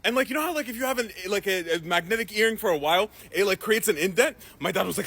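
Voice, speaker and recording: A man telling a comic story in an animated way, laughing often and using many fillers. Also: high-pitched, quick pace, creaky, breathy edge.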